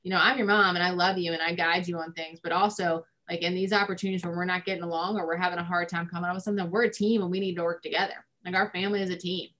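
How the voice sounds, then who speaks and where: A woman's voice: on the low side, level tone, racing, few pauses, sharp tone. A woman family therapist explaining parenting in casual talk, with lots of "um" and "like". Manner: informal, many fillers like "um" and "like".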